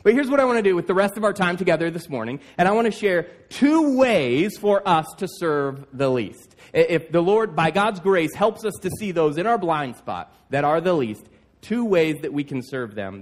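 A man's voice: fairly high pitch, big pitch swings, normal speed. A male pastor preaching a sermon, emphatic, with stammered restarts and "like, like".

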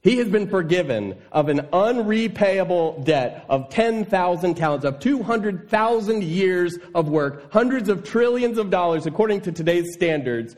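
A man's voice: normal speed, few pauses. A man preaching a sermon, reading scripture and acting out indignant voices. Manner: animated, voices indignant listeners with rising pitch. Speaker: pastor.

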